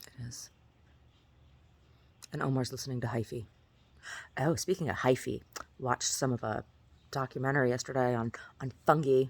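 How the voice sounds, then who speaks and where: A woman vlogger talking in a rambling, chatty way, often asking "right?" and at times jumping up into a high squeaky pitch. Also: steady tone, normal speed, pauses often, a little mellow. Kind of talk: casual rambling monologue.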